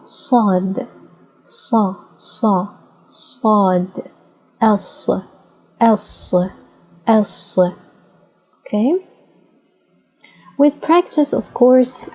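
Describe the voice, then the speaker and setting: A woman's voice: mid-range voice, mellow, breathy edge, poor audio. A woman, teaching letter sounds patiently and checking in with frequent "okay?"s. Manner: patient, says "okay?" often, models sounds by repeating them. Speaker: Arabic teacher. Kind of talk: slow instructional explanation.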